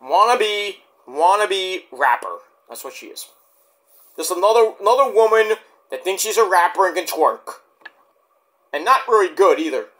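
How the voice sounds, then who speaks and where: Bright, animated wrestling recap guy. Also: high voice, normal speed. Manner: rambling and profane, trailing off. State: tired late at night. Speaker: wrestling show reviewer. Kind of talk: casual recap monologue.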